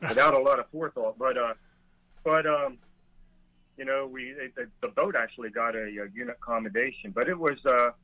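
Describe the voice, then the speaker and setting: A man's voice: mid-range voice, fairly quick, no echo, lo-fi sound. A middle-aged man, a former Coast Guard boatswain's mate, vividly retelling a rescue with chuckles as a guest in a conversation. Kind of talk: storytelling in a conversation.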